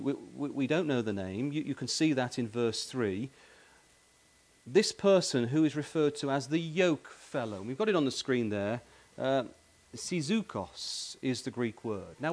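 A man's voice: mid-range voice, a little mellow. A man preaching a sermon in a tent meeting, emphatic and repetitive, often addressing his listeners as brothers and sisters.

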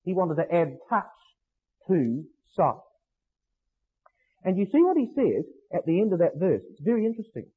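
A man preaching a sermon, emphatic, slowing to stress phrases and asking rhetorical questions. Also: sits high, very animated, mellow, breathy edge, poor audio.

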